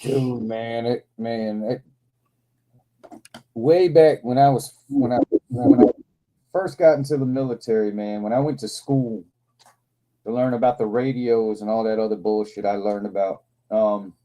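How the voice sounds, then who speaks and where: A man in his forties hosts a casual livestream chat with a very deep, dark tone. He rambles through loose stories full of swearing, restarts and frequent laughter. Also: a little slow, poor audio. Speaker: livestream host.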